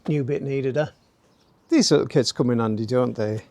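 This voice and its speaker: Warm in tone and medium in pitch, a middle-aged DIY channel host talks at normal speed through an outdoor build in his garden workspace in light rain. There's no echo, and his casual how-to narration is chatty, jokey, and sprinkled with "eh?" and "don't you?"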